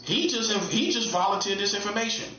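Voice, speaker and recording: Man, high bright voice, emphatic slangy monologue, echoey room, dull lo-fi recording. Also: fairly quick, slight background noise. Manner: emphatic, repetitive street slang. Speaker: online preacher. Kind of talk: casual monologue.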